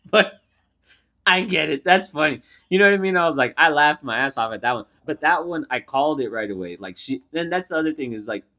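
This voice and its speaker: A man's voice: a little high, animated, quick pace, few pauses, pushed and bright. A young man co-hosting a podcast in casual chat, retelling comedy scenes with lots of swearing and laughter. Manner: profane, laughing storyteller. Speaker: podcast co-host.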